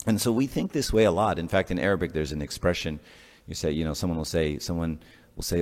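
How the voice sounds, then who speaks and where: A priest giving a conversational sermon, asking rhetorical questions and making joking asides. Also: male voice, low-pitched, moderate pace, darkish tone. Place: church. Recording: long church reverb.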